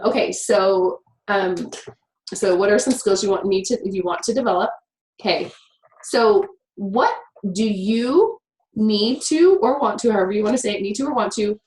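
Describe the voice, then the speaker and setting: A woman leading a class through writing prompts, chatty and quick, with many "like" fillers. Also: medium pitch. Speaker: workshop teacher. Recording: echoey room with faint noise.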